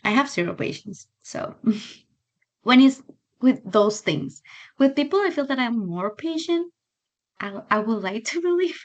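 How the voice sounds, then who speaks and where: Tutoring English online, a young native Spanish speaker chats and laughs a lot, leaning on fillers such as "like" and "so." Her voice is a little high and animated, at a measured pace with long pauses, on a lo-fi recording.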